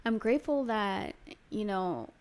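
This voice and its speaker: Woman, thirties, mid-pitched voice, warm, heartfelt, chatty. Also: lively intonation, measured pace. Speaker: podcast co-host. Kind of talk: casual chat.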